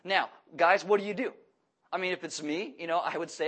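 A man preaching a sermon to a congregation, lively and questioning, acting out voices as he goes. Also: fairly high pitch, fast talker. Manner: animated, acts out voices and asks the audience questions. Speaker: pastor.

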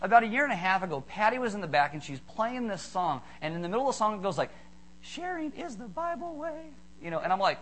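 A male pastor giving a jokey, animated sermon, acting out little voices as he tells his stories. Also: high-pitched, very fast, hardly any pauses. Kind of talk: humorous sermon.

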